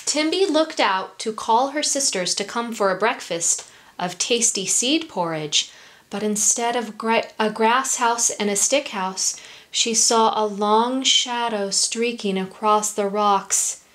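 A woman reading a picture book aloud to children, gentle, with hushed asides. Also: fairly high pitch, slow pace. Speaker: storyteller for children.

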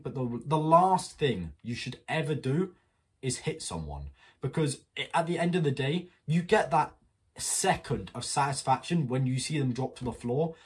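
A man's voice: mid-range voice, a little mellow, husky. A man giving blunt, opinionated commentary in a casual vlog and swearing freely. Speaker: commentary YouTuber.

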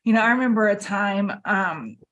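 A woman's voice: mid-range voice, moderate pace, a bit bright. A middle-aged woman hosting a podcast interview, chatting casually and encouraging her guest. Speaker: podcast host.

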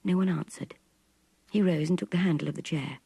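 Brief: older woman narrator, gravelly and very husky, close dry audiobook read. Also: sits low, brisk, warm tone, no room sound. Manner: intimate, breathy half-whisper narration. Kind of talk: audiobook reading of a classic novel.

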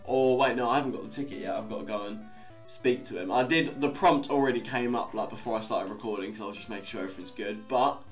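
A young man talks through his game in a loose, rambling way, with a middle-pitched voice. He chats and swears casually as he plays. Faint guitar music runs behind him. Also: fast. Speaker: Let's Play host. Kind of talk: casual gameplay commentary.

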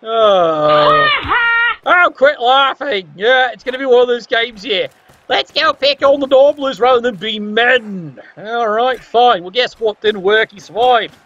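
A man's voice: very high voice, a little slow, fairly bright tone, no room sound, dull audio. A man commentating a tabletop sports game with wry, sarcastic asides.

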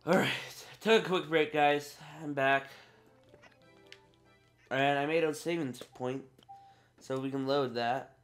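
A man's voice: on the high side, fairly even intonation, slow pace, pauses often. A teenage boy giving casual let's play commentary, talking to his viewers, getting frustrated and swearing. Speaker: gaming channel host. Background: game music.

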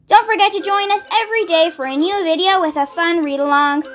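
A young woman hosting a children's read-along, reading slowly, carefully and expressively. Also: very high-pitched, a bit bright, faint music behind. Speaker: storybook read-along host. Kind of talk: children's read-aloud narration.

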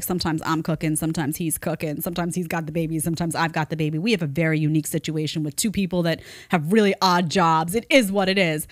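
A woman in her thirties hosting a casual commentary show, chatty and animated, laughing often. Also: lowish voice, no echo, clean studio sound. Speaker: host.

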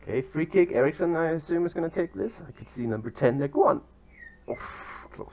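A young man casually commentating his football management game, chatty and self-deprecating, with sudden excited yelps, recorded outdoors among turkeys. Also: on the high side, fairly quick, gravelly.

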